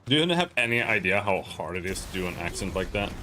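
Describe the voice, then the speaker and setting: A man streaming a video game, making loud, joking asides with stammering restarts. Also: low voice, sing-song, fast. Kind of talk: casual gameplay commentary.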